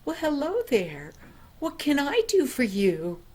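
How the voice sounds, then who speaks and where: A kindly old neighbor woman in a storybook, gracious and warmly emphatic, in a raised, slightly higher voice, as a grandmother puts her on. She speaks slowly and pleasantly, savoring every word. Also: exaggerated voice. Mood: friendly.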